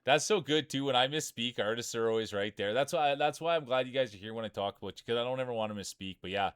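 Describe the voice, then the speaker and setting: Dry, smooth-voiced joking stream announcer man. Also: medium pitch, fast, a bit bright, dry recording. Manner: playful, joking, chatty announcer banter. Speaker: streamer commentating marble races. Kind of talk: live-stream play-by-play commentary.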